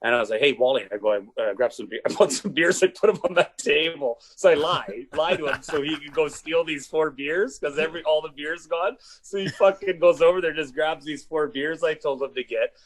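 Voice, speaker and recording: A man's voice: fairly high pitch, fairly quick, few pauses. A man telling rowdy stories in casual podcast chat, swearing often and laughing mid-story. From Saskatchewan, Canada. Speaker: podcast guest, comedian.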